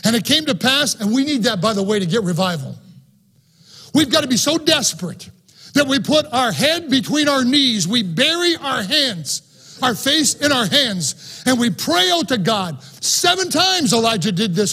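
A man's voice: extremely high pitch, very animated, a little slow, sharp tone, breathy edge. A man preaching a sermon, reading scripture aloud and then preaching on it with rising fervor.

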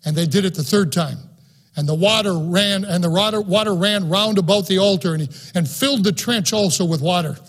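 A man's voice: high-pitched, brisk. A man preaching a sermon, reading scripture aloud and then preaching on it with rising fervor.

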